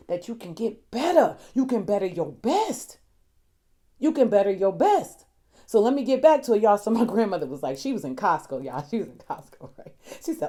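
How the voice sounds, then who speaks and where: A woman life coach giving a motivational talk, preachy and repetitive, moving from hushed storytelling to loud exhortation. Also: medium pitch. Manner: preachy, emphatic and repetitive, addresses listeners as y'all. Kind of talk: motivational self-help talk.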